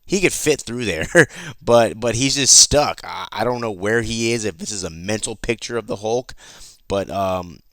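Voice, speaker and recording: Low-voiced man recapping comics casually. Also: lively intonation, moderate pace, a bit bright, dry recording. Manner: loose and chatty, swears, restarts sentences. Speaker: comic book YouTuber.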